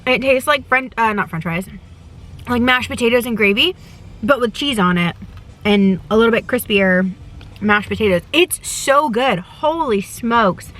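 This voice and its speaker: A young woman talks straight to her camera from the seat of a parked car, her voice bright and forward. She gushes freely, chatting between bites and often talking with her mouth full, in a relaxed, loose vlog style. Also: on the high side, unhurried. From United States. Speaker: travel vlogger. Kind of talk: casual chat to camera while eating.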